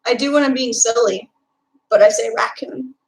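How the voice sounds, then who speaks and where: Chatty high-voiced young woman streamer. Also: brisk, a little mellow, poor audio. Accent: Texan. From Texas. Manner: chatty, reads and answers chat, filler-heavy. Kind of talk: casual live-stream chat.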